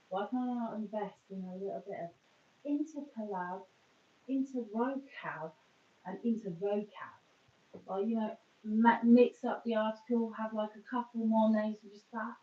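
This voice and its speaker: A woman's voice: mid-range voice, slight background noise. A woman streaming live, chatting casually while she does her makeup, rambling and breaking off mid-sentence. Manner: chatty, rambling, self-interrupting. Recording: roomy, distant, dull sound.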